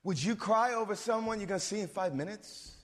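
A man preaching a sermon, animated, swinging between loud bursts and low asides. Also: fairly quick. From suburbs. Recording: long reverb of a hall.

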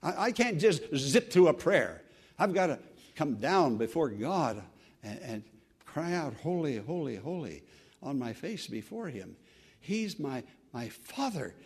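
A man's voice: fairly high pitch, very animated, unhurried, breathy edge. A man preaching an earnest sermon, building to emphatic exclamations. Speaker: pastor.

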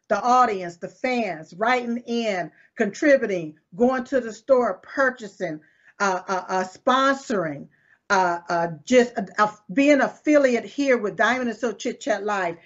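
A woman, hosting a live show and talking to viewers in an emphatic, repetitive, folksy preaching cadence. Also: a little high. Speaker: show host. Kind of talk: casual talk to viewers. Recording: dull lo-fi stream audio.

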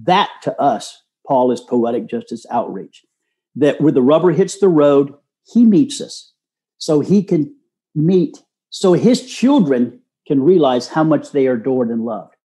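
An older man from Texas speaks as a guest in earnest, folksy storytelling. His voice is mellow and dark. He sits at a middling pitch. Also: lively intonation, a little slow. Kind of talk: casual storytelling.

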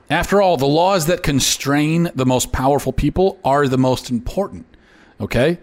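A man hosting an opinion commentary show, talking emphatically and often repeating words for effect. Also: medium pitch. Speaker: host.

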